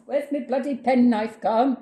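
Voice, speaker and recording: An excitable woman unboxing her collection in a casual vlog, swearing freely and squealing with delight. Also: a little high, measured pace. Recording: echoey room with clear background noise.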